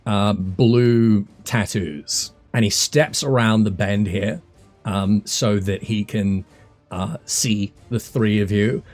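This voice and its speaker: A man runs a tabletop game as dungeon master. His voice sits fairly low, and he talks in a loose, hesitant way full of fillers. Faint music plays underneath. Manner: relaxed, hesitant, many fillers.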